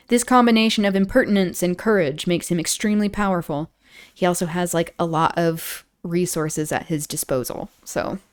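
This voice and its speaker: Streamer reading aloud, smooth clear voice, trips on words, drops in chatty asides. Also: female voice, mid-range voice, a little mellow. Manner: stumbles and restarts on words, laughs at own slips; breaks off into chatty commentary. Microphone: streaming setup.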